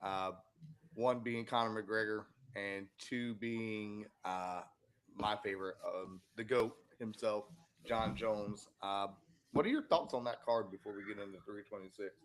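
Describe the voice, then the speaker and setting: A man's voice: on the low side, measured pace. A man co-hosting a sports podcast, chatting casually and rambling with many fillers and restarts. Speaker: podcast co-host.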